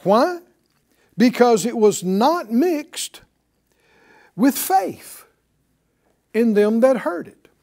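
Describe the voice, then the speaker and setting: A man's voice: very high-pitched, very animated, drawn-out words, pauses often, warm tone. A man preaching a sermon, asking the congregation questions and acting out quotes. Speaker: pastor.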